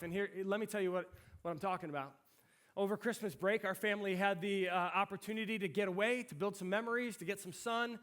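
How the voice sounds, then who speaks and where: Bright, lively man preaching a sermon. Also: high-pitched, fast talker. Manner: storytelling, animated and conversational. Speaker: pastor.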